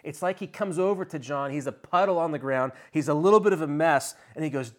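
A man preaching with a slightly high voice. He builds his lines with slow, dramatic pauses and swings between hushed, low passages and loud, ringing ones. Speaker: pastor. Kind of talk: sermon.

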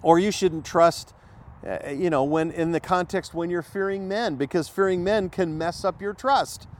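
A man's voice: high voice, moderate pace. A man preaching a sermon in an emphatic way, repeating key phrases and asking rhetorical questions.

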